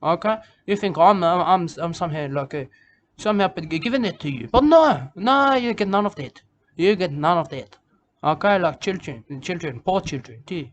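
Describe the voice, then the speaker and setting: A man's voice: high voice, expressive, normal speed, slight background noise. A man doing a rambling bush poet. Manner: rambling, repetitive, ends lines with "okay?" and "mate". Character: rambling self-important male Australian bush poet. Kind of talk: comic character monologue.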